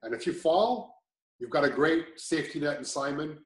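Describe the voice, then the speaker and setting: A man's voice: a little high, expressive, moderate pace, reverberant, low-quality recording. A man giving a casual testimonial about his progress, talking in a rambling way with many restarts and fillers.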